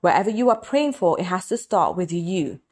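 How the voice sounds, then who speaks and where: Woman coach, motivational talk, earnest and repetitive, slightly low pitch. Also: animated, moderate pace. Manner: earnest, repetitive, softly emotional when praying aloud. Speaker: hypnotist and coach.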